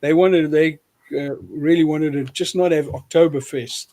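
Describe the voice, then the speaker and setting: A South African preacher, appearing as an interview guest, chats casually in a fairly high, mellow voice with fairly even intonation and an unhurried pace. He's self-deprecating and often restarts his sentences.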